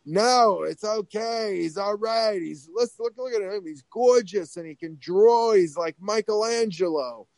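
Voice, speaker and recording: A man imitating an excitable, gravelly-voiced beauty school owner with a Long Island accent. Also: high voice, unhurried, few pauses, dry recording, voice pushed up. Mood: gushing. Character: flamboyant middle-aged male beauty school owner.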